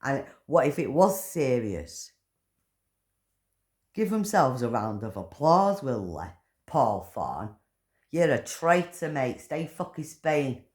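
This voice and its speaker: A woman delivering an angry, profane rant, swearing and shouting in bursts. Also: a bass voice, very animated, slow pace. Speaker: political commentator. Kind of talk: angry ranting monologue.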